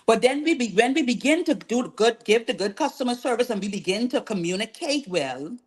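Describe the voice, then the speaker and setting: A Bahamian woman speaks as a guest on a radio talk show, her voice sitting a little high. She talks in an animated, sermon-like way, stacking repeated phrases and turning to the host again and again. The sound comes from a radio studio. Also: fairly quick. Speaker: guest, nail technician.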